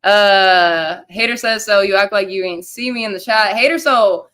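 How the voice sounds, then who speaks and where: A young woman hosting a casual livestream, rambling loosely, swearing and giving shout-outs to the chat. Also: mid-range voice, moderate pace, hardly any pauses. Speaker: livestream host.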